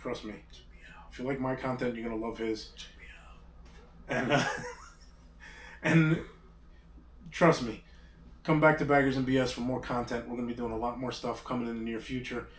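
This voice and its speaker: A male host chats casually at normal speed in a medium-pitched, fairly even voice, pausing often. He rambles, hesitates and restarts a lot, sitting back from the mic in a roomy space with echo and a faint hum.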